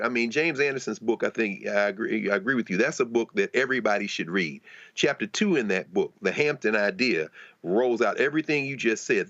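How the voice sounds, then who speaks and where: A man's voice: fairly low pitch, fairly bright tone, no echo, dull audio. A man speaking as a panelist, explaining in a professorial way with frequent restarts. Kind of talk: panel discussion commentary.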